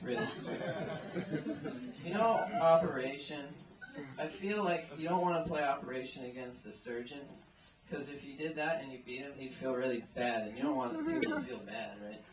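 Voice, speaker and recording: Rambling stand-up comic in an echoey room. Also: male voice, mid-range voice, expressive, moderate pace, crowd noise. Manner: rambling, filler-heavy delivery full of "like" and "um". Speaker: stand-up comedian. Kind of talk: stand-up comedy set. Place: small live comedy venue. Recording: echoey room, mic at a distance.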